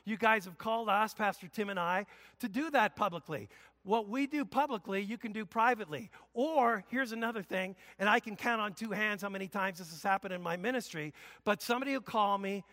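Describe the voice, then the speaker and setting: A male pastor giving a conversational sermon, with emphatic bursts and loud exclamations, in a church. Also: high-pitched, fairly quick, big-room sound. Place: church sanctuary.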